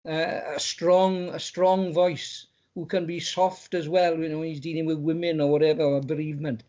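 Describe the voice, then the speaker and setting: A man's voice: fairly high pitch, flat delivery, normal speed, mellow, muffled recording. A man, chatting as a guest in a rambling, stumbling way, repeating words as he talks. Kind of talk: casual chat.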